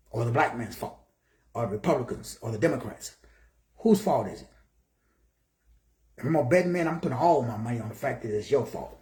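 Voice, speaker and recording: A man's voice: a little high, mellow, roomy sound. A man in his sixties from Texas giving a motivational talk in his office, preaching with rhetorical questions and greeting viewers by name. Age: 60s. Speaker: motivational speaker.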